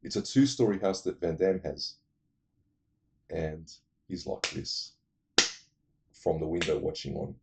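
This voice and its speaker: A man casually retelling movie plots in an animated way, adding vocal sound effects. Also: low-pitched, unhurried, creaky, pauses often, a little hiss or hum. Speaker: movie reviewer.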